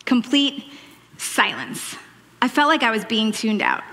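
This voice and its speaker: A loud, talkative woman in her forties with a faded Long Island New York accent preaches from a church stage. Her voice sits a little high and rings bright and forceful. The sound carries a long church-hall reverb. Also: very animated, measured pace, creaky. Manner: loud, chatty, self-deprecating. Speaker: church speaker. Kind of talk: sermon.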